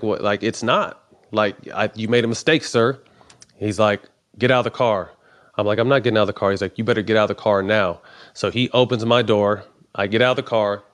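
Profane man telling a story. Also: on the low side. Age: adult. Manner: profane, quotes both sides of conversations. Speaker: professional basketball player. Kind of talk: casual storytelling.

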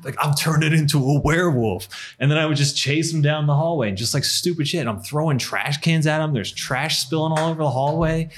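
A man in his thirties chatting casually, telling old stories with lively acted-out quotes and frequent laughter. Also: fairly high pitch, fairly quick, hardly any pauses, slight background noise. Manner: animated storyteller, acts out quoted lines, laughs often. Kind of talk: casual chat.

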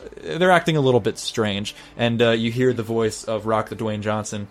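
A man's voice: lowish voice, moderate pace. A man narrating a tabletop game as game master, chatty and full of fillers.

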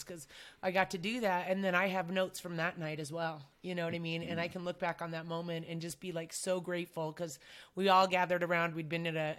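A woman's voice: on the low side, fairly bright tone. A woman in her forties, a podcast guest, talking in a candid, rambling, self-deprecating way and laughing easily at herself. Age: 40s. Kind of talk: candid conversational chat.

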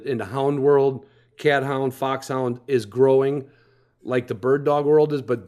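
A man hosting a podcast, talking in a relaxed, rambling way and often restarting his sentences. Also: medium pitch. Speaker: podcast host. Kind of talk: casual podcast chat.

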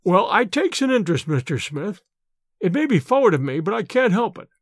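A man's voice: high voice, big pitch swings, brisk, no echo, clean studio sound, full character voice. A man voicing a little wrinkled old manservant who talks in an anxious, deferential way with rustic grammar, in an audiobook reading. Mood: worried.

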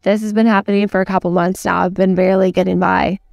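A woman's voice: mid-range voice, little pitch movement, vocal fry, a little mellow, dry recording, studio quality, lightly acted. Woman role-playing a hesitant, frustrated saleswoman. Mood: weary. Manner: hesitant, halting, self-doubting. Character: struggling frustrated female salesperson, adult. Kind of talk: sales training role-play.

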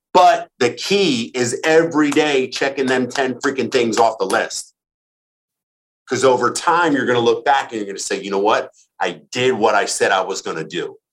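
Podcast guest, male, punchy and repetitive, swings from high to low. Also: a bit bright. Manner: emphatic, repetitive, profane. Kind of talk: motivational casual talk.

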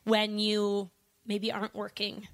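A woman co-hosting a casual podcast chat, animated and exclamatory, laughing often. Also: mid-range voice, slow pace. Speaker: podcast co-host.

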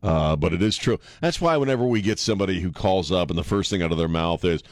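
Deep-voiced blunt male radio host. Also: animated, quick pace, hardly any pauses, dry recording, clean studio sound. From Washington DC area. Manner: blunt, laughs often, repeats words. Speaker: radio talk show host. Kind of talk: casual radio banter. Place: radio studio. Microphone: studio mic.

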